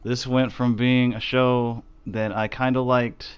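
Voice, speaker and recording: A man co-hosting a casual chat show, rambling through a profane, animated retelling. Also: medium pitch, a little slow, clean tone, highs cut off. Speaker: podcast co-host.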